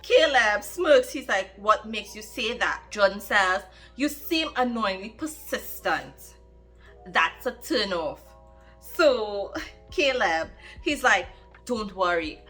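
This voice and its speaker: In a casual reading vlog, this woman with a medium-pitched, sharp-toned voice excitedly recounts a romance storyline, tossing out one exclaimed question after another. She is a book vlogger.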